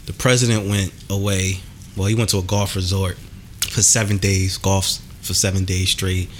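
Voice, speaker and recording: A man's voice: low voice, little pitch movement, normal speed, a little hiss or hum. Profane, ranting male podcast host. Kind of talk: casual chat.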